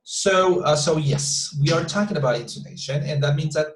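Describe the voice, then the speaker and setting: A male English teacher with a Spanish accent, a Spanish speaker, leading an online class in a halting way, with many repeated words and fillers. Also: on the high side, reverberant, low-quality recording.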